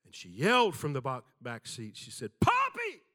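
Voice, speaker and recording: A man's voice: medium pitch, big pitch swings, normal speed, pushed and bright. An older man preaching a sermon, telling folksy stories with self-deprecating humor and acting out the voices in them.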